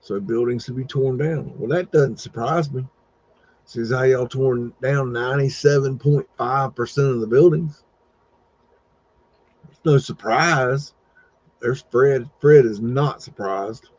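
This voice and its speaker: A man's voice: medium pitch, a little slow, darkish tone. A man hosting a live show, casually talking through old photos with rambling, chuckling asides. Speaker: host. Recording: dull, dry lo-fi sound.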